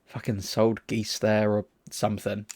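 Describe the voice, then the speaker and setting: A man's voice: on the low side, monotone, unhurried, a little mellow, breathy edge, dry recording. Male co-host from England, casual anecdotal delivery, swears, dry sound. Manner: chatty anecdotes with swearing and laughter. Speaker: podcast co-host. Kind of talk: casual chat.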